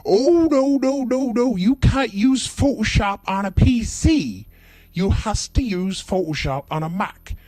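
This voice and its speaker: A man voicing an excitable male shop customer and father who gushes and insists, using folksy broken grammar. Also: high voice, a little slow, no room sound, voice pushed up. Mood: gushing, insistent.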